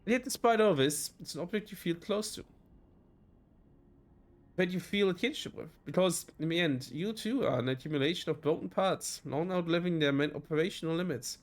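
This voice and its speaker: Man, German accent, slightly high voice, let's play streamer, halting read-aloud with self-corrections. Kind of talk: reading game text aloud in a let's play.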